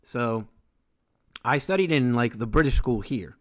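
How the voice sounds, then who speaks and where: Animated Venezuelan man with a lively voice. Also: mid-range voice, a little slow. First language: Spanish. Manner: boastful, joking, swears freely. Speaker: streamer and beat maker. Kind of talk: casual livestream chat, reading out chat.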